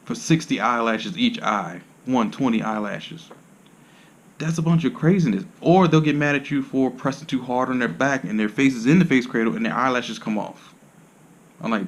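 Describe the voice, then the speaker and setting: Speaking at normal speed with medium pitch, this man, a massage therapist, delivers a casual, rambling monologue to camera. He uses blunt, profane slang, and his volume jumps suddenly.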